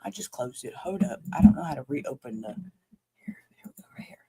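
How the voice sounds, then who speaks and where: A woman's voice: mid-range voice, lively intonation, a little fast, gravelly, in a whisper. A woman hosting a late-night livestream, rambling and chatting straight to her viewers as she reviews a trial, swearing casually.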